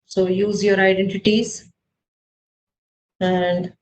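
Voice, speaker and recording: A woman teaching a math class online, talking in a brisk, directive way. Her voice sits at an ordinary middle pitch, with a faint hiss of noise behind it. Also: little pitch movement, rough recording. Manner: brisk, directive, checks on students.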